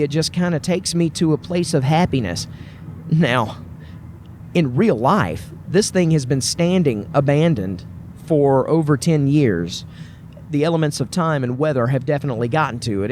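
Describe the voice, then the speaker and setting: A man's voice: a little high, slight background noise. A man hosting a podcast, telling a personal story in a casual, enthusiastic and rambling way, often repeating himself and restarting phrases. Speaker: podcast host.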